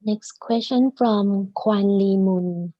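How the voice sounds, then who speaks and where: A woman moderating a video call, reading out audience questions slowly and formally. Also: medium pitch, dry recording, muffled recording.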